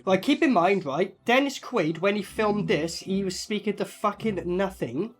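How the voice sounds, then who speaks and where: A man giving a casual reaction commentary on a film, excitable and profane, rambling with lots of fillers. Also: high voice, moderate pace. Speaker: movie reviewer.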